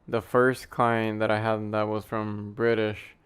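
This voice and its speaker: A young man co-hosting a podcast, chatting casually with blunt jokes and quick quips. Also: lowish voice, little pitch movement, smooth. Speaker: podcast co-host. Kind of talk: casual chat.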